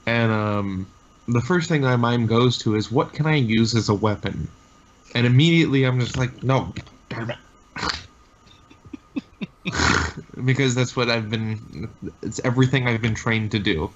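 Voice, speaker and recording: A man playing a tabletop game who talks slowly and haltingly. His voice comes through a dull, lo-fi recording. A faint hiss sits underneath it. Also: mid-range voice. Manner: hesitant, halting. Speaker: player.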